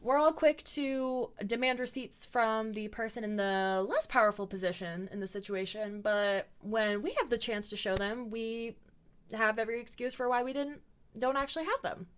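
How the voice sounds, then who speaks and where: A woman's voice: a little high, moderate pace, smooth. A young woman recording a casual commentary video at home, talking with sarcastic asides, her voice a little tired. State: voice getting tired. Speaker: commentary YouTuber. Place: at home in front of a camera.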